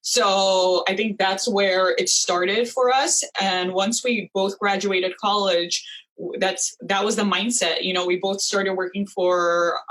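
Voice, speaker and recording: A woman's voice: medium pitch, steady tone, takes it slowly, fairly bright tone, rough recording. A woman in her thirties, a guest on a podcast interview, speaking conversationally with many "you know"s. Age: 30s. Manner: conversational, frequent "you know"s and light laughs. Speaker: guest, business founder. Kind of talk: casual interview.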